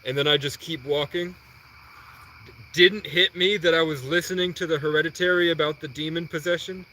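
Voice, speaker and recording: On a livestream, a young man with a voice on the high side spins a long, rambling story about himself, acting out the dialogue animatedly as he quotes others in rapid exchanges. There's a little hiss or hum.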